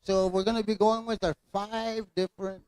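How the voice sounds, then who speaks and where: A man's voice: high-pitched, little pitch movement, normal speed, a little mellow. A man emceeing a pow wow, announcing live to dancers and crowd in an easygoing, joking way. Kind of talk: live event announcing over a PA. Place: outdoor pow wow arena.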